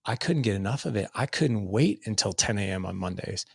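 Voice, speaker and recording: Gravelly middle-aged man, earnest guest. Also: lowish voice, expressive, a little fast, no room sound, studio quality. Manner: earnest, loose and conversational with frequent "like" fillers. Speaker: podcast guest. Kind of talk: casual storytelling in an interview.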